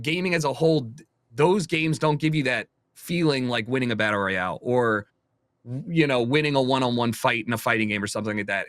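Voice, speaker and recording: Young adult man, streamer, candid, dry close sound, mid-pitched. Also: fairly bright tone, dry recording. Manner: opinionated, candid, swears casually. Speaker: streamer guest. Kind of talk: casual podcast chat.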